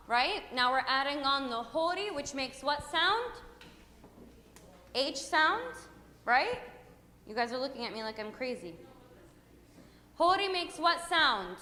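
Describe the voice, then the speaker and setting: A woman teaching a hymn class, upbeat and coaxing, calling out brisk prompts to her students. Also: high voice, sharp tone, slight background noise. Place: church hall classroom. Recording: echoey hall reverb.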